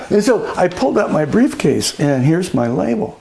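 Gravelly older man telling stories. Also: sits high, sing-song, measured pace, a little mellow. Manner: chatty, laughs often, acts out quoted voices. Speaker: winery owner. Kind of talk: oral history interview, anecdotal storytelling.

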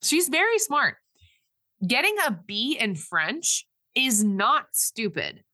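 A woman talks through a movie's plot in casual chat, her voice bright and forward. She rambles, restarts sentences and fills gaps with "like" and "um." The sound is close and dry, with no room around it. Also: fairly high pitch, sing-song, slow pace, dry recording. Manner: rambling, filler-heavy retelling with quoted voices.

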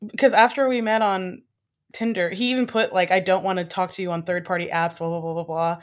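A woman's voice: on the low side, fairly even intonation, fairly quick. Hesitant woman guest on a podcast. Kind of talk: casual chat.

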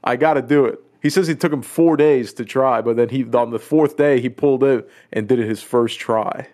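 A man co-hosting a podcast in casual chat, rambling and excitable, swearing often. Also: mid-range voice, moderate pace. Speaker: podcast co-host.

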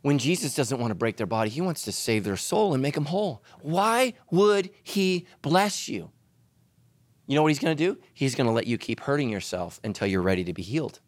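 A man preaching a sermon as pastor, telling stories with humor and swinging between loud emphasis and hushed asides. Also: mid-range voice, expressive, quick pace, hardly any pauses, no room sound.

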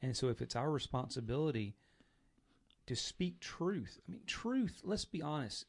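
A man speaking in a reflective, measured way in a casual conversation. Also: medium pitch, big pitch swings.

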